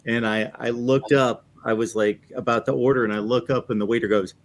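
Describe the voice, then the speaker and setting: A man with an average-pitched voice hosts a sports talk. He tells anecdotes in an animated way, often laughing as he talks. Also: fairly quick. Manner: animated storyteller, laughs while talking. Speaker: host. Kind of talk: casual anecdote telling.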